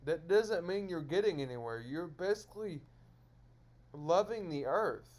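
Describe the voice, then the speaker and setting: A man's voice: fairly high pitch, lively intonation, unhurried, a little mellow. A man lecturing his viewers in a solo stream monologue, scolding them over and over in repetitive phrases.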